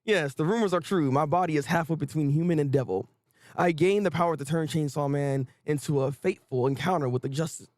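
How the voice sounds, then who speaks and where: A man voicing a solemn, self-proclaimed male hero, announcing himself in a flat formal way. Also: on the high side, brisk, dry recording, studio quality, lightly acted.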